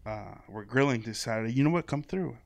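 A man's voice: mid-range voice, expressive, brisk, vocal fry, no echo. Laughing man telling stories. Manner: laughing storyteller, acts out quoted voices. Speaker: podcast guest. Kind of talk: casual chat.

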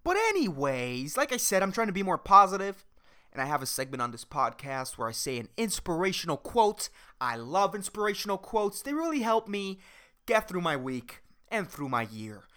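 A man rants through a solo comedy podcast in a bright, cutting voice that sits a little high for a man. His speech is smooth and crisp, loose and rambling, and packed with swearing and jokes. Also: very animated, moderate pace. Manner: rambling, profane, jokey. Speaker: podcast host.

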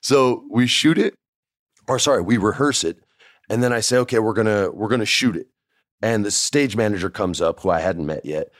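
A man's voice: lowish voice, moderate pace, no room sound, studio quality. A man from New Mexico telling a backstage story in casual chat, acting out the other people's voices. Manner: animated, acts out voices of others. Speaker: storyteller guest.

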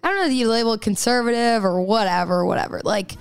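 A woman's voice: a little high, quick pace, gravelly, clear, resonant tone, no echo, faint music behind. A chatty 22-year-old woman from Texas, a singer talking in a radio interview, laughing often and rambling through restarts. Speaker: singer-songwriter guest. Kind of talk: casual radio interview chat.

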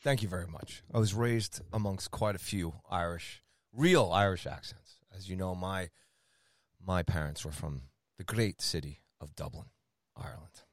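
A man from New York co-hosting a sports radio show in casual chat, excitable and quick to laugh. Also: sits low, no echo. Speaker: co-host.

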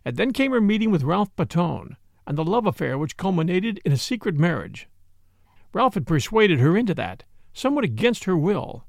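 A man narrating a classic mystery novel in a measured storytelling manner. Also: high-pitched, creaky, no echo, studio quality. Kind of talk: scripted audiobook narration.

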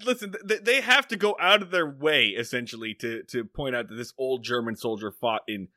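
A man co-hosting a podcast, chatting casually and profanely, retelling scenes with quick mock voices. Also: mid-range voice, lively intonation, bright, forceful tone, no echo, clean studio sound. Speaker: podcast co-host. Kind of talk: casual comedic chat.

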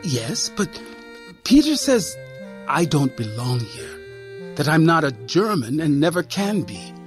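Man doing a young boy, high and small, hesitant, curious, storybook reading. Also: big pitch swings, slow, faint music behind. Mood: wondering.

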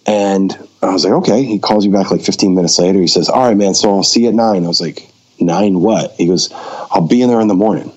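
A man with a very low voice tells a story in a relaxed, conversational way and slips into the voices of the people he quotes. The audio is dull and lo-fi, with the top end rolled off. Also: a little fast. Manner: animated, acts out quoted dialogue. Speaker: documentary filmmaker, podcast guest. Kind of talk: casual storytelling.

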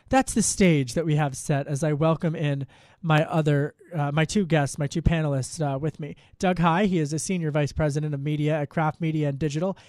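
A male news anchor with a high voice sets the scene and chats with his panel, loose and self-deprecating, often restarting his sentences. The sound is close and dry, with no room around it. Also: no room sound. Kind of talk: live news commentary.

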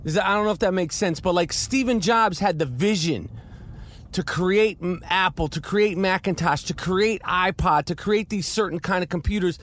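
A man's voice: high-pitched, normal speed, fairly bright tone. A middle-aged man talking casually about a film while walking on a city street, rambling and profane, with many restarts and fiery outbursts. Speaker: podcast host and actor reviewing a film.

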